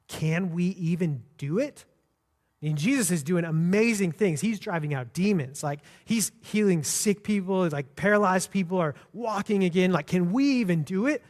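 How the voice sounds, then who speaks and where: High-voiced preacher in a reverberant hall. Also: male voice. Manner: conversational, earnest, with frequent restarts. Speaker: pastor. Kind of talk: sermon. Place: church sanctuary.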